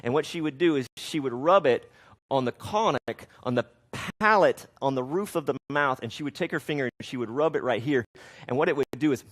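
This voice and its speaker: A man's voice: medium pitch, expressive, fairly quick. A man in his thirties, a pastor, preaching a conversational sermon on parenting and reading scripture aloud, with frequent restarts.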